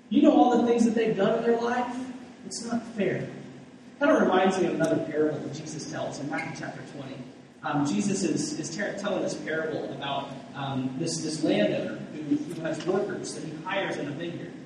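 A man's voice: sits high, far from the mic, a little hiss or hum. A man preaching a conversational sermon, often restarting phrases and acting out the voices of the people in his story. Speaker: pastor. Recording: echoey hall, mic from afar.

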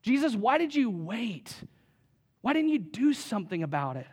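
A man's voice: high-pitched, sing-song, normal speed, darkish tone, slightly rough. A man pastor giving a sermon in a church, conversational and plain-spoken, asking the congregation questions and joking lightly.

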